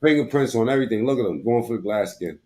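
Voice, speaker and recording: A man's voice: medium pitch, expressive, very fast, very noisy. A man giving crude, mocking commentary while reacting to a video. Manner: mocking, crude, laughs at what he watches.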